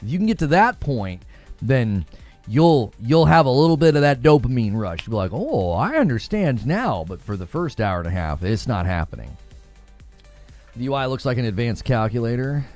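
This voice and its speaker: A man's voice: medium pitch, very animated, normal speed, a little mellow, soft background music. A man streaming live, chatting with viewers and laughing often as he acts out mock dialogue. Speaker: gaming streamer.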